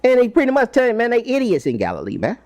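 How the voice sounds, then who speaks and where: A man's voice: very high-pitched, wildly swooping pitch, quick pace, darkish tone, voice pushed up, full character voice. A man voicing an arrogant male Pharisee who rants in a mocking, dismissive way. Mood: scornful. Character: arrogant male Pharisee, scornful and self-important.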